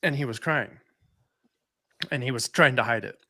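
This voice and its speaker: Man, mid pitch, halting candid talk, many restarts, dry close mic. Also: pushed and bright, dry recording. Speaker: podcast co-host. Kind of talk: candid conversation.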